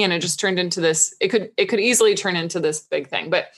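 A woman's voice: on the low side, quick pace, few pauses, fairly bright tone. A woman talking candidly and at length in a casual podcast conversation, laughing easily. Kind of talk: casual conversation about intimacy.

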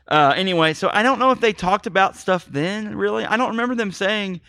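A man's voice: high voice, a little fast, sharp tone, dry recording. A man co-hosting a podcast, chatting casually and sarcastically about a bad movie and talking to listeners as "folks". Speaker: podcast co-host. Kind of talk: casual movie-review chat.

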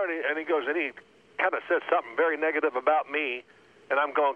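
Male guest, former quarterback, heard over a tinny phone line; lively storyteller who acts out the voices. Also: a little high, fast talker. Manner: animated storyteller acting out coaches' shouting. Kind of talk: telling stories in a radio interview.

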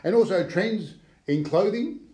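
Older Australian male co-host, relaxed and rambling, echoey room. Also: high voice, unhurried. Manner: easygoing, rambling storyteller. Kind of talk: casual chat show banter. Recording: roomy echo.

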